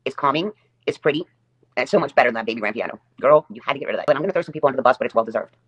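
A woman's voice: a bass voice, lively intonation, racing, husky, dull audio. A woman hosting her own livestream, delivering a sarcastic, taunting rant and repeating her jabs over and over. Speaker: livestream host.

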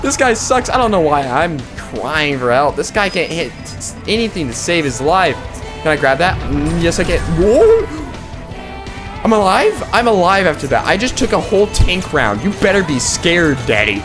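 A man giving excitable live gameplay commentary, yelping and laughing at the action as game music plays. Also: fairly high pitch, normal speed.

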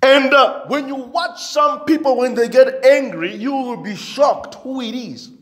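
A man's voice: extremely high pitch, unhurried. A male pastor preaching a sermon with emphasis, repetition and frequent amens, in a church. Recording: long church hall reverb.

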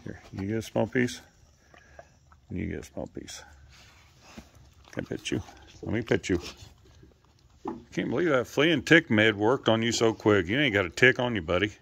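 A man talking to his pets outdoors in a coaxing, playful way, calling them in high sing-song baby talk and teasing them with mild swearing. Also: animated, normal speed, vocal fry, long pauses, sharp tone, a little hiss or hum. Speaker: pet owner filming animals. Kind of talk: casual talk to animals.

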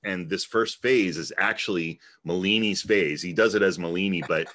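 Low-voiced man, earnest, detailed explainer, casual chat. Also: moderate pace, fairly bright tone. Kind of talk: casual chat about magic.

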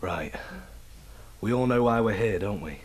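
A man playing a self-styled orb expert, talking to the camera in a hushed, conspiratorial way. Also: lowish voice, expressive, unhurried, breathy edge. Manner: hushed, conspiratorial, with sudden loud bursts. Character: mock-mystic man lecturing about orbs. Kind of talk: comic mock-documentary address.

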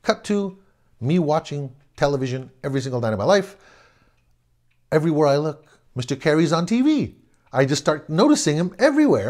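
A middle-aged man from Southern California tells an old neighborhood story off the cuff. His pitch swings up and down with the telling, and he doubles back on words and chuckles between phrases. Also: very animated, a little fast, a little mellow. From Southern California, USA. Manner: rambling, self-correcting, chuckles as he goes. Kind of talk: casual spoken anecdote.

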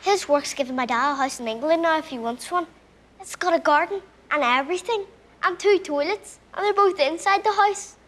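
A man's voice: very high-pitched, fairly quick, fairly bright tone. A young actor playing an earnest Northern Irish boy talking with his grandfather. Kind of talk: film drama.

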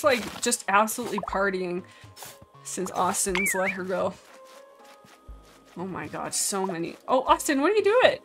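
A woman streaming a video game, chatting casually and excitedly talking to the little creatures on screen. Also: a little high. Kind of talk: casual gameplay commentary. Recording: music playing behind the voice.

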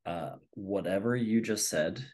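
A man's voice: lowish voice, a little slow, darkish tone. A man co-hosting a podcast in casual chat, with a dry, teasing manner. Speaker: podcast co-host.

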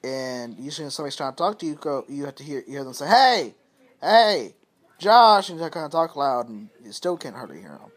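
Filming himself on a phone camera indoors at home, a man tells a long, rambling, profane story and repeats himself often. His medium-pitched voice is animated, and he talks fast with few pauses.

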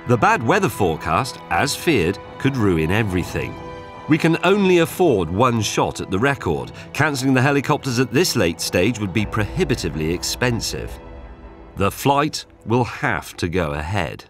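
Lively wry male voice-over narrator. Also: fairly low pitch, moderate pace. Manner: wry and dramatic storytelling. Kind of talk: scripted narration. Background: clear music.

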